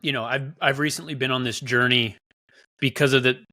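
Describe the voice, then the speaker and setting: Podcast host guy, bright clear voice, candid and reflective. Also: medium pitch, fairly even intonation, fairly quick. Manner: reflective, candid, asks questions. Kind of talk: casual interview.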